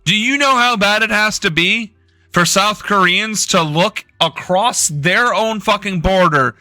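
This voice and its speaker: A man's voice: high-pitched, a little slow, sharp tone, dry recording, faint music behind. A young man from the United States hosting a political live stream, ranting in a profane, sarcastic way.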